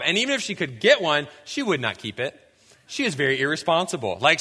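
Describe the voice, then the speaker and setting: A young man preaching a sermon as a pastor, telling lively stories and breaking into shouts to act out scenes. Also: on the high side. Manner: animated storytelling, bursts into shouts when acting out scenes. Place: church sanctuary. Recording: long hall reverb.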